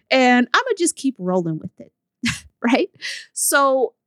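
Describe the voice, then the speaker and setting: A woman's voice: fairly high pitch, a bit bright, no room sound. Candid woman coach, blunt solo podcast host, dry recording. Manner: blunt, candid, with laughing asides.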